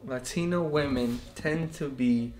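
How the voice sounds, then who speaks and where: A young man co-hosting a couple's vlog, reading prompts slowly and teasing his partner. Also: medium pitch, a crowd in the background. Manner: teasing, reads lines slowly and deadpan. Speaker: vlogger co-host reading prompts. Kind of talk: casual couple reaction chat. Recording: echoey room with faint music.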